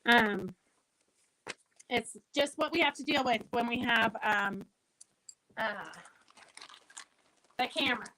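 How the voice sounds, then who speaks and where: A woman's voice: a little high, takes it slowly, pauses often, pushed and bright, rough recording. A woman hosting a casual live-stream fabric sale, chatting and answering viewers' comments as she goes.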